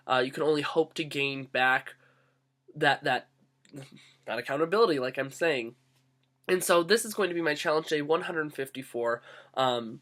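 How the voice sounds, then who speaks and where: A young man with a groggy voice from getting sick, talking earnestly in a casual reflective vlog, often halting and restarting. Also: on the high side, a bit bright. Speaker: vlogger.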